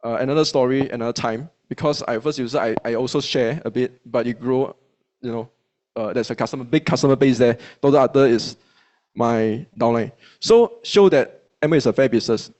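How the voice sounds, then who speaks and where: A man with a Malaysian English accent speaks at a business event, telling an audience a motivational story in a colloquial, animated way and acting out his own dialogue. His voice is medium-pitched and fairly quick.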